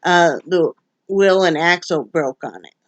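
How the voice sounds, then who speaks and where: A woman's voice: on the low side, measured pace, no room sound, highs cut off. A woman from Wyoming chatting at home for her vlog, rambling and restarting her sentences. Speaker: vlogger. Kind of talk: casual home chat. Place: at home, indoors.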